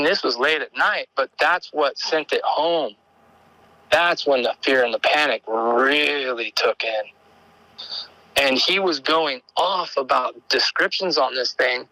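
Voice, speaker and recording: A caller from Oregon tells an encounter story, rambling and repeating words as he acts out what people said in animated fashion. His voice is mid-range with a sharp tone, and the recording is rough, with no room sound.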